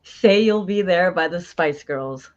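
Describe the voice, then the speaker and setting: A woman's voice: lowish voice, measured pace, lo-fi sound. A woman guest in a casual interview, laid-back and giving dry, short answers. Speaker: interview guest, Twitch streamer. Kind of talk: casual chat.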